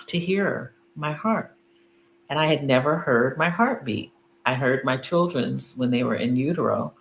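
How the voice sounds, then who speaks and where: This is a middle-aged woman on a video call, her gravelly voice pitched extremely low as she casually recounts a story with plenty of fillers and laughter. The audio has an echoey room sound and a faint hum.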